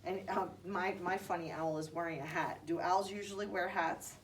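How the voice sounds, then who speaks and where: A woman's voice: on the low side, fairly even intonation, normal speed. Encouraging woman teacher, heard from a distance. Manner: patient, encouraging, asks questions. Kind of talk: teaching young children. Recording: distant mic, faint background noise.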